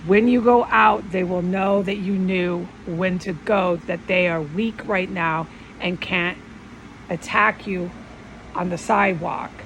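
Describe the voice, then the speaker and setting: A woman imitating a calm, stern male voice that gives slow, measured commands. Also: on the low side, a little hiss or hum, low-quality recording.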